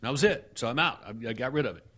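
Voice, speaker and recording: A middle-aged man, a guest in an interview, telling his story with animated acted-out dialogue and frequent restarts. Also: mid-range voice, fast. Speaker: guest, real estate company CEO.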